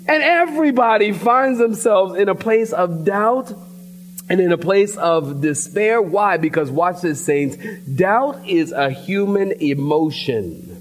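Male pastor, high voice, animated and sometimes shouting sermon in a church, faint hum underneath. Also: slow.

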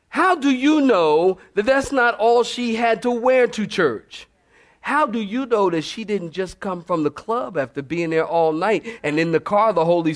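A male pastor preaching a sermon, telling stories with humor, laughing often and mimicking church members. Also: high-pitched. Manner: animated storytelling, mimics church ladies.

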